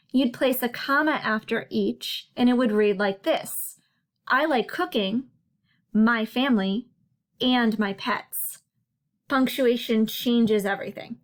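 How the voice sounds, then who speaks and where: A woman narrating a slide lesson as a writing tutor, explaining patiently and slowing down to stress each example. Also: a little high. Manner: clear, patient explaining with slow emphasis on examples.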